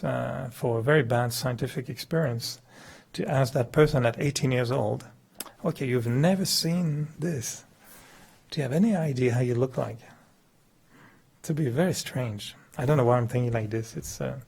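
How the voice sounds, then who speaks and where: Gravelly, husky man giving a meditation talk. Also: darkish tone. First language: not English. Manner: chatty and humorous, laughs often at himself; acts out quoted dialogue with big pitch jumps. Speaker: meditation teacher. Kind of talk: spiritual talk to an audience.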